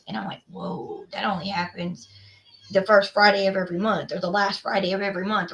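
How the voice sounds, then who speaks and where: A woman's voice: medium pitch, a bit bright, a little hiss or hum. A woman, hosting a livestream and chatting casually with viewers, rambling with lots of fillers. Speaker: livestream host. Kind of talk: casual chat with live viewers.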